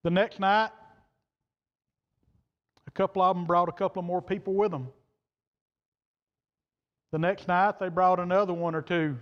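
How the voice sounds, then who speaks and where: A preacher man with a fairly high voice, telling a folksy story from the pulpit in plain words. His voice rings through a church hall with a long echo, and the sound is dull and muffled. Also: steady tone, moderate pace, pauses often. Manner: folksy, plain-spoken, quoting others in turn. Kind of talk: sermon storytelling. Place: church sanctuary.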